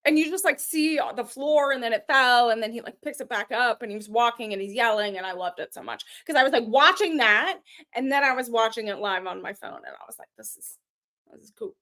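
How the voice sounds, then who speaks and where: A woman's voice: fairly high pitch, brisk, sharp tone. A woman co-hosting a wrestling podcast in casual chat, playful and teasing, often laughing and exclaiming. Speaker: podcast co-host.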